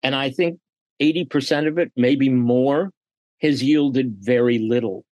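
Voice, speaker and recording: Guesting on a podcast, a middle-aged man who works as a business leader and coach tells lively stories and voices the dialogue within them. He speaks at a measured pace with medium pitch. The audio has no echo but sounds muffled.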